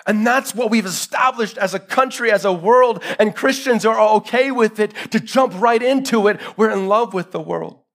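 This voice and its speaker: A man preaching a live sermon in a church, swinging between loud urgency and hushed gravity. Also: high voice, moderate pace, few pauses. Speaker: pastor.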